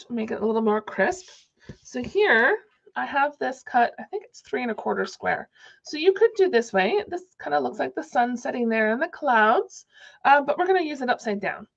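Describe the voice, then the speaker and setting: Woman, crafting tutorial, chatty and thinking aloud, gravelly, muffled recording. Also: fairly high pitch. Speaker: card-making demonstrator.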